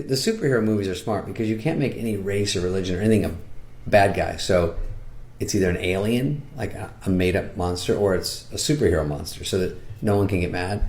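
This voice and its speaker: A comedian in his later years delivers a loose, sarcastic monologue. His voice sits fairly low, with dry, deadpan timing. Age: older. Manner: sarcastic, deadpan riffing with high-pitched impressions.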